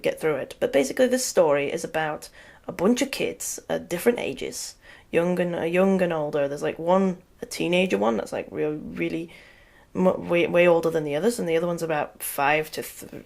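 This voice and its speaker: A woman's voice: sits low, gravelly. A woman giving a casual, rambling rant review, sarcastic and often breaking into laughter. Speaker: video reviewer.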